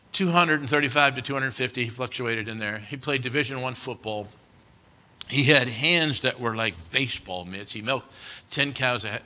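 Very bright-voiced male preacher. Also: mid-range voice. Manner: storytelling, swings from quiet asides to loud near-shouts. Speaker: pastor. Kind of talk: sermon.

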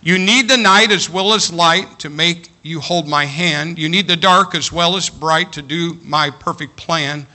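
A man's voice: a little high, measured pace, hardly any pauses, sharp tone. A man preaching an earnest sermon to his congregation, reciting a poem with rising, fervent emphasis.

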